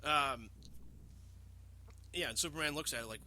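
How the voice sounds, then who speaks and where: A man on a podcast casually retelling a film plot, profane and animated, acting out the characters' lines. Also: mid-range voice, moderate pace. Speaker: podcast host.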